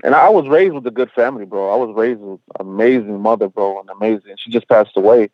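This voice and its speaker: A rapper speaks in a loose, streetwise way, swearing freely and mixing in bits of Spanish. His voice sits at an ordinary pitch for a man. The sound is dry and a little dull, like a budget podcast mic. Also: quick pace, no echo. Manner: slangy, profane, peppered with "bro" and "you know what I'm saying"; mixes in Spanish phrases. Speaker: rapper guest. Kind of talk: casual interview chat.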